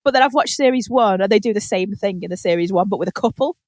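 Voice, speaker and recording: A woman co-hosting a podcast in casual chat, telling rambling, animated stories and acting out the quotes. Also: medium pitch, fast talker, dry recording. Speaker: podcast co-host. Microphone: podcast microphone.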